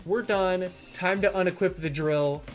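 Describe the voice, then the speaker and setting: A man's voice: high-pitched, unhurried. Sarcastic man ranting over gameplay. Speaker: gaming YouTuber. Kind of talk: let's-play commentary. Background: faint game music.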